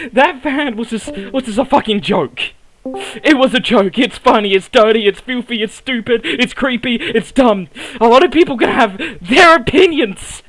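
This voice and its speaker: A man's voice: very high-pitched, a bit bright, low-quality recording. A man giving a heated wrestling promo, ranting furiously and swearing heavily. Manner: halting and stumbling at the start.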